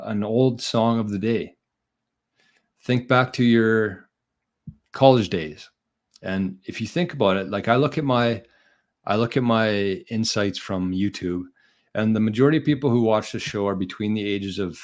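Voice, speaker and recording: A man hosting a podcast on his own, giving casual, encouraging advice in a rambling, conversational way. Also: lowish voice. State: out of breath. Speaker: podcast host. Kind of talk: casual solo livestream advice.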